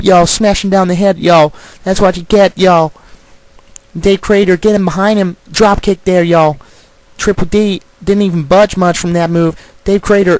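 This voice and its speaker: A man's voice: high voice, a little mellow, no echo, pitched above the performer's own voice, lightly acted, rough recording. A man voicing a brash young male wrestler who guest-commentates on a video game match, adding "y'all" to nearly every phrase.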